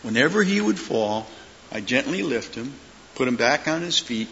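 A man's voice: medium pitch, moderate pace. A middle-aged man preaching a sermon as a pastor, telling stories animatedly and acting out the voices in them. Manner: animated storyteller, acts out voices in his stories. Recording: long hall reverb, dull lo-fi sound, faint hiss.

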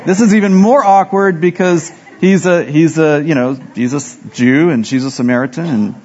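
A man's voice: a little high, moderate pace, a little mellow, muffled recording, slight background noise. A man preaching a sermon as pastor, telling self-deprecating stories and acting out the dialogue.

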